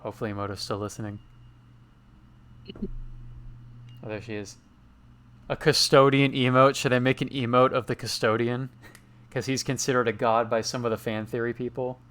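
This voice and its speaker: A man chatting his way through a game on stream, reading its lines aloud and translating them as he goes. His voice is smooth and clear, sitting at an ordinary middle pitch, and his tone stays relaxed and amused. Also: moderate pace, pauses often. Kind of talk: casual live-stream commentary with read-aloud translation.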